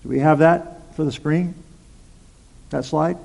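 A man's voice: a little high, steady tone, a little slow, gravelly, a little mellow. A male pastor preaching a sermon, telling a personal story in a chatty way with asides like "okay?" and "right?". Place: large church hall. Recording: long hall reverb.

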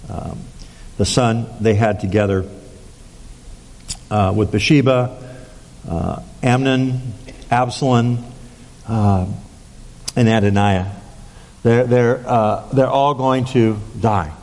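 Guy preaching a sermon, lots of ums and restarts, long hall echo, average pitch. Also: darkish tone. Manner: halting, many fillers and restarts; acts out quoted lines with raised pitch. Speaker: pastor.

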